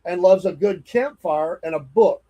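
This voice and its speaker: A man's voice: high-pitched, moderate pace, warm tone. A man, co-hosting a casual podcast, easygoing and playful as he reads fan mail. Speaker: co-host.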